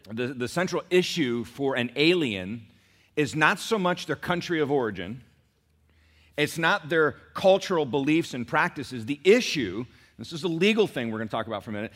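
A man's voice: a little high, a bit bright. A middle-aged male pastor preaching a sermon in a conversational way, with asides to the congregation and rising emphatic peaks.

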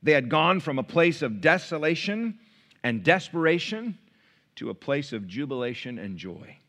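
A man's voice: on the high side, big pitch swings, normal speed, a bit bright. A man, a pastor, preaching a sermon and reading scripture, building emphasis through repeated phrases. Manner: preaching with rising emphasis and repetition.

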